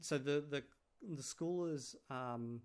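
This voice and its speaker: A man's voice: mid-range voice, slow pace. Hesitant man translating clips aloud. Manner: hesitant, many fillers and restarts. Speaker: vlogger reviewing a language course.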